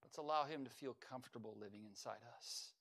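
A man preaching a sermon as pastor, earnest, with sudden swells in loudness. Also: mid-range voice, fast. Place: church service.

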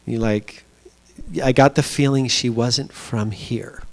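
Male pastor, mid-pitched voice, chatty storytelling sermon delivery. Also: steady tone, a little mellow. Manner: storytelling, conversational with pauses and fillers. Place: small church.

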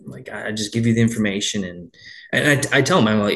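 A man's voice: lowish voice, quick pace, gravelly, a bit bright. A man who owns a landscaping business, telling stories in a casual interview, with lots of restarts and quoted back-and-forth. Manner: rambling, frequent restarts, storytelling with quoted dialogue.

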